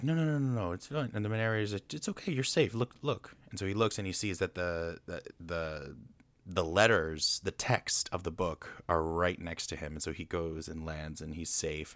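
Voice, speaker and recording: A man with a very deep voice talks through a film recap in a loose, rambling way. He fills his sentences with fillers and restarts. The sound is dry and close. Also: a bit bright, no echo. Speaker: film reviewer.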